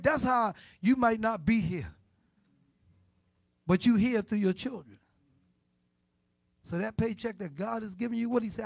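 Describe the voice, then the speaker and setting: A male church elder delivers a sermon in a notably high voice. His passionate preaching drops to near-whispers and climbs to loud peaks as he plays out the listeners' objections in rhetorical asides. The sound is close and dry, with no room echo. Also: gravelly, husky. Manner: impassioned preaching with swings between hushed and loud.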